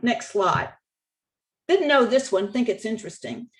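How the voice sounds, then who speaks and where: A woman with a Texan accent giving a conference talk on spelling contests, walking through slides in a measured, instructive way. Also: fairly high pitch, animated. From Texas. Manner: measured, instructive, reads example quotes aloud. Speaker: state contest director.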